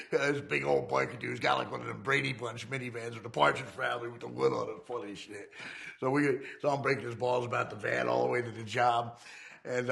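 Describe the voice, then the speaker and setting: A man's voice: medium pitch, vocal fry, fairly bright tone. A man candidly telling his life of crime in profane, streetwise talk. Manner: profane, streetwise, acts out quoted voices. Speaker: former criminal telling his life story.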